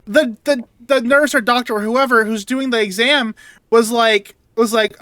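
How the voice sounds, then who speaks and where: A young man, a podcast co-host, telling a story in casual chat, animated and swearing as he vents. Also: high voice, moderate pace, no room sound, clean studio sound.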